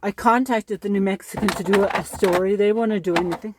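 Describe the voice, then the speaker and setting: A woman's voice: medium pitch, fairly even intonation, a little fast, noisy background. A woman speaking a personal monologue to camera as a parent, upset and pleading, repeating herself.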